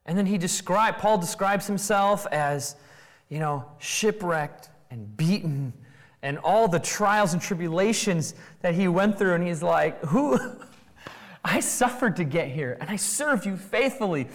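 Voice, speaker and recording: Animated preacher with a lively voice. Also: mid-range voice, unhurried. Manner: animated, acts out quoted voices; rhetorical questioning. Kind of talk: expository sermon.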